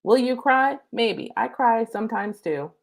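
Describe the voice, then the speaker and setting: A woman's voice: a little high, animated, a little slow, vocal fry. A middle-aged woman, a spiritual coach, giving a live-streamed lesson from home on her laptop mic, casual, chatty and cheerfully profane.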